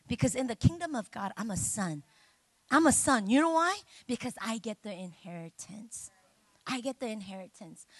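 During her sermon, a middle-aged woman banters humorously with the congregation and bursts out with loud, emotional exclamations. Her voice sits high, and the recording is dry.

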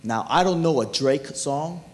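Animated preacher man, higher voice. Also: measured pace, slight background noise. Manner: animated preaching, talks to the crowd; hums tunes to make a point. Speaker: pastor. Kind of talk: sermon.

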